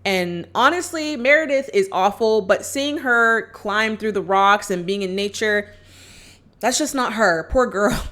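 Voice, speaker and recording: A woman's voice: medium pitch, measured pace, a bit bright. A woman vlogger casually recapping a movie plot in a chatty, upbeat way, speaking straight to her viewers. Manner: chatty, acts out characters' lines while retelling.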